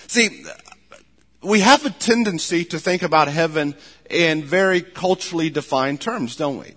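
Animated male preacher in a reverberant hall. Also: measured pace. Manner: animated preaching, swings from loud emphasis to low asides. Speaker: pastor. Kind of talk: sermon.

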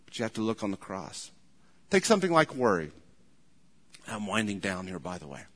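Preacher with booming hall reverb. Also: male voice, very animated, fairly quick, a bit bright. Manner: storytelling, rising to fervent emphasis. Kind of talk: sermon.

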